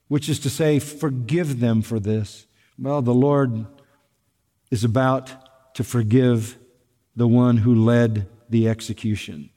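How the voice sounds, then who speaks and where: A man's voice: mid-range voice, warm tone. A man preaching a sermon, emphatic and repeating key words for stress. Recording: long reverb of a large hall.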